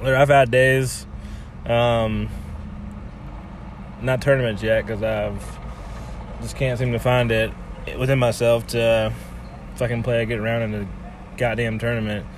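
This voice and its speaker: A man's voice: medium pitch, flat delivery, a little slow, long pauses, slight background noise. A man talking casually about his golf game in a loose, rambling way, full of fillers and the odd swear word. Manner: filler-heavy, laid-back, swears casually. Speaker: amateur golfer podcaster.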